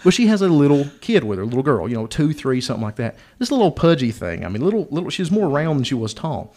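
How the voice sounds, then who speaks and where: A man's voice: fairly high pitch, big pitch swings, fast, a little mellow. A man, hosting a podcast and telling a long, rambling, joking story. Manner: rambling, laughs often, plays up the joke. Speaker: podcast host. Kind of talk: casual storytelling.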